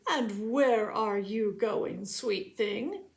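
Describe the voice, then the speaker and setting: Lady doing a sneaky hungry wolf, slow and drawly, storybook voice. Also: medium pitch, gravelly. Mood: sly. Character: sly, greedy male wolf.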